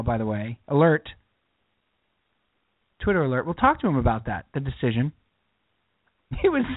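Lively man with a tinny phone-like sound. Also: a little high, no room sound. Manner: mock radio-announcer delivery, self-mocking. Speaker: podcast co-host. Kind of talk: casual sports talk podcast. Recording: tinny phone-like line, faint music.

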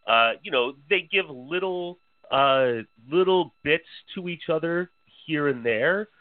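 Measured man, dry and phone-thin. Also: fairly high pitch, expressive, dry recording, narrow, tinny audio. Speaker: podcast co-host. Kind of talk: casual film discussion.

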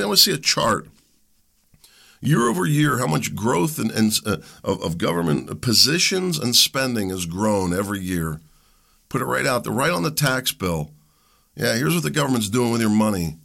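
Gravelly, sarcastic man hosting a show. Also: medium pitch, sharp tone. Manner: rambling, sarcastic, opinionated. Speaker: host. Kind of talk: talk show monologue.

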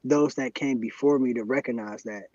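An activist guest from Cleveland, USA answers podcast questions about his work in a casual, earnest and appreciative way, affirming often. His medium-pitched voice has a darkish tone and a normal speed. The recording lacks echo, and its highs are cut off.

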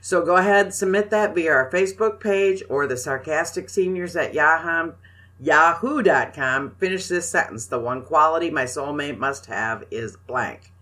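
A woman's voice: sits low, normal speed, few pauses, fairly bright tone. An older woman co-hosting a casual podcast, giving bossy, teasing instructions and banter. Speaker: podcast co-host. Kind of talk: casual chat.

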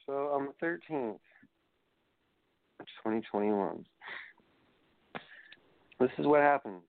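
A man's voice: mid-range voice, lively intonation, takes it slowly, pauses often, no echo. A man hosting a casual solo wrestling review show, rambling and digressing as he reads results aloud. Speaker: wrestling podcast host. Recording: tinny phone-like dry sound.

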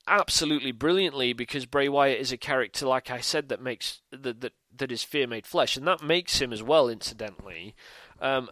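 A man's voice: medium pitch, no room sound. Chatty man hosting a podcast. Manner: animated, rhetorical questions, frequent fillers and restarts. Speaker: show host. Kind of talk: solo podcast commentary.

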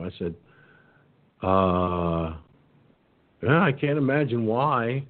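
Animated man telling stories over a tinny line. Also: medium pitch, unhurried, pauses often. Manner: animated anecdote-telling, acting out quotes. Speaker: radio show host. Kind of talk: casual storytelling chat.

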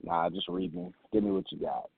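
A male caller with a high, husky, gravelly voice that swings wildly up and down. He talks loosely in slang and laughs often. The sound is thin and phone-like, dry and close. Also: wildly swooping pitch, fairly quick, no room sound. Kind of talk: casual call-in chat. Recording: tinny phone line, dry.

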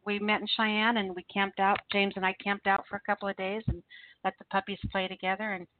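A woman's voice: medium pitch, little pitch movement, fairly quick. Lady calling in on the phone, talks a lot, laughs easy, sounds all tinny. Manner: chatty and laughing. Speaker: caller. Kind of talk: casual phone chat.

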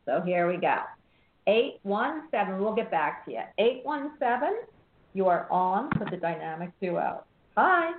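A woman's voice: medium pitch, big pitch swings, measured pace. A bubbly woman in her sixties hosts a call-in show and talks a lot. The sound is echoey and tinny, like a phone line, with faint hiss behind it. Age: 60s. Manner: bubbly, talkative, laughs often. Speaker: radio show host. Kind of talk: chatty call-in show hosting.

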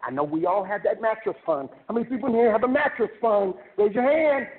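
A man giving an animated motivational talk to a university class, joking with the audience and taking questions in a lecture room. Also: high voice, quick pace. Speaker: guest speaker. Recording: tinny phone-like recording with noise.

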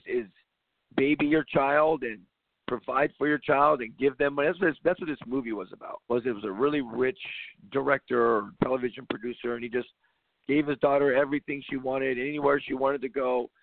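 Speaking at a brisk clip with fairly even intonation and a medium pitch, a man who coaches basketball and hosts a show gives a rambling, emphatic casual monologue with many restarts. The sound is a tinny, phone-like line, dry with no room sound.

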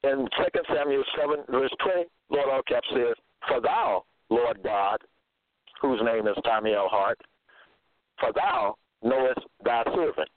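A man giving a slow sermon, reading out scripture verses and checking in with "okay?". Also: mid-range voice, no room sound. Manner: reads verses slowly, repeats "okay?". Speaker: preacher. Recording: tinny phone-line sound.

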